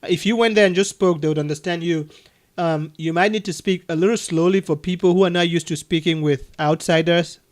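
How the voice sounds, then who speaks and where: A man's voice: fairly high pitch, steady tone, brisk. A man with a mixed Cameroonian and Texan accent, chatting over a video call, laughing often and restarting his sentences. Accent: mix of Cameroonian and Texan English. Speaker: adoption agency mentor answering questions. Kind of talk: casual video call conversation.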